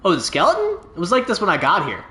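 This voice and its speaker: A man's voice: high-pitched, wildly swooping pitch, fast, sharp tone, voice pushed up, heavily acted. A man voicing a boastful, laid-back stranded alien pilot from a video game, telling his tale in a folksy, drawling way. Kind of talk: reading game dialogue aloud. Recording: roomy echo.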